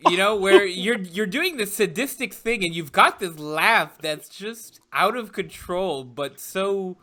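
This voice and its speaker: A man's voice: sits high, lively intonation, unhurried, pushed and bright. A man co-hosting a podcast, reacting to his partner with incredulous, exasperated remarks in casual comedic chat. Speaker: podcast co-host.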